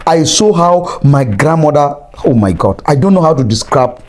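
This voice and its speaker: A man's voice: a little high, expressive, normal speed, few pauses. Angry Nigerian man, preachy commentary. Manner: angry, preachy, repeats phrases for emphasis. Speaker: online commentator. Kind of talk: impassioned political commentary.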